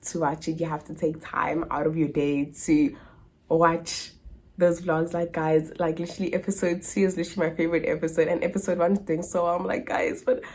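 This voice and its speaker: A woman's voice: low-pitched, little pitch movement, brisk, darkish tone. A young South African woman in her twenties, an au pair answering viewer questions in a casual vlog, chatty and full of "like" and "literally". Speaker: au pair vlogger.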